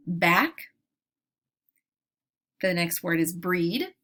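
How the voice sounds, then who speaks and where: Slow, bright-voiced woman teaching phonics. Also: on the low side, animated. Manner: slow, deliberate, drawn-out word modeling. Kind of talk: phonics lesson for young children.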